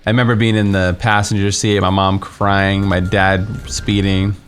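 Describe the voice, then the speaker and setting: A man's voice: low-pitched, little pitch movement, normal speed. A young man streaming a game, telling a story in a casual, rambling way with many fillers and restarts. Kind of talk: casual storytelling while playing.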